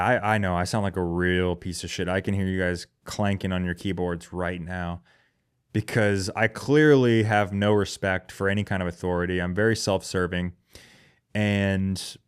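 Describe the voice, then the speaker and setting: A man's voice: lowish voice, clean tone. A man hosting a podcast in a casual comedic monologue, profane, sarcastic and self-deprecating. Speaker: podcast host.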